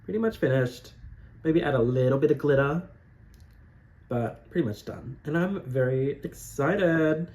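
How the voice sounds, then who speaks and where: A man's voice: mid-range voice, a little slow, darkish tone. Playful chatty man doing drag makeup. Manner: playful, giggly and self-mocking. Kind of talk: casual chatty vlog narration. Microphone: phone camera.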